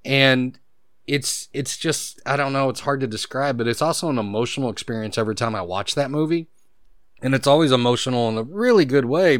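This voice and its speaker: Smooth-voiced man gushing about movies. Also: medium pitch, fairly bright tone, dry recording, studio quality. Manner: enthusiastic, nostalgic, fond of quoting movies. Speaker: podcast co-host. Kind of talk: casual chat. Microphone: own podcast microphone.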